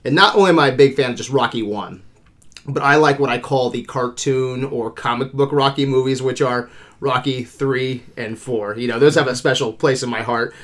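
A man's voice: mid-range voice, moderate pace. Laid-back man hosting a movie podcast. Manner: animated, swears casually, laughs often. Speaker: podcast host. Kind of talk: casual movie review chat.

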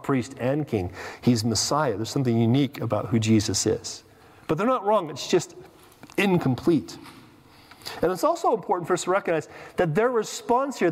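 A man's voice: a little high, darkish tone. A man preaching a sermon as pastor, emphatic, with rhetorical questions and repeated words. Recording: long reverb of a hall.

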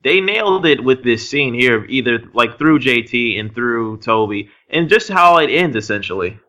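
A man co-hosting a casual podcast muses out loud and laughs often. His voice has a bright, sharp edge at a middle pitch, and he fills his sentences with hedging fillers. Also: expressive, normal speed. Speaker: podcast co-host.

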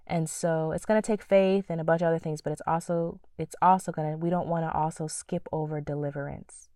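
Woman podcast host, low mellow voice, earnest faith teaching with whispered prayers, dry sound a little off the mic. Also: fairly even intonation, brisk, no room sound, distant mic.

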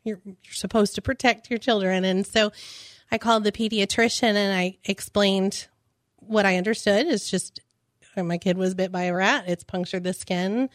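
A woman, a parent, telling her story on a radio talk show, hesitant and halting with many restarts. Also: mid-range voice, steady tone, no echo, clean studio sound. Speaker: guest, parent.

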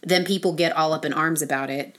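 Brief: woman, low voice, chatty explainer, restarts a lot, fillers. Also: steady tone, fairly quick, a bit bright. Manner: explains studies in long run-on sentences with fillers and restarts. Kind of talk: casual explanatory chat.

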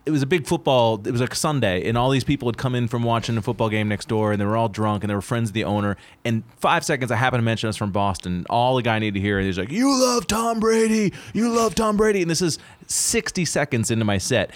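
Male comedian in relaxed anecdote mode. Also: on the low side, quick pace, few pauses, dry recording. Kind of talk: casual chat.

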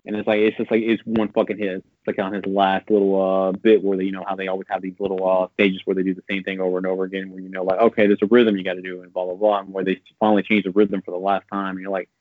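A man rambling in casual gaming chat, swearing often and getting animated when he vents. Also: low-pitched, fast, few pauses, dry recording. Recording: tinny phone-like dry sound.

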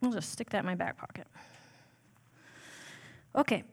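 A woman's voice: mid-range voice, animated, moderate pace, darkish tone, slightly rough. A woman on a church's staff giving a conversational sermon in a casual, self-deprecating way, with everyday fillers. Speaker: church staff member preaching.

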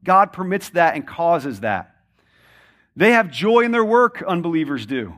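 A man's voice: fairly high pitch, big pitch swings, unhurried, a bit bright. A man in his thirties, a pastor preaching a sermon in a conversational way, often checking in with "right?" and building points through repeated rhetorical questions.

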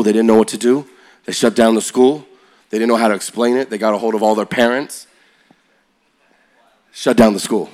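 A man preaching to young people, telling stories with rising energy and shifting to a slow, quiet prayer. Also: on the low side. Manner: energetic, builds to loud excited peaks; slow and quiet when praying. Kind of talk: sermon storytelling.

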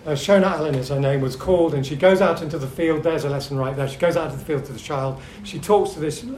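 A middle-aged man tells stories to a seminar audience, lively yet halting, with frequent ums and restarts. His voice sits a little high for a man. The room is echoey, with a faint hum behind him. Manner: hesitant, with many ums and restarts; lively storyteller. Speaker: seminar speaker. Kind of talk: anecdotal talk to a seminar audience.

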